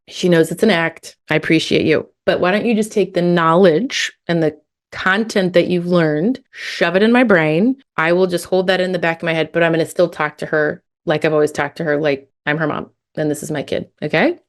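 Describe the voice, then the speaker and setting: A woman's voice: fairly low pitch, a little mellow. A middle-aged woman coaching a parent in a casual, direct way, acting out what to say to a child. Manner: casual, talks straight to a parent, acts out scripts. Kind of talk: live coaching session.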